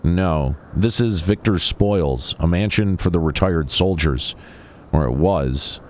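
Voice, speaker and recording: A man reading aloud the lines of a frightened young woman survivor in a video game, in a halting, hushed delivery. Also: sits low. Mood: haunted.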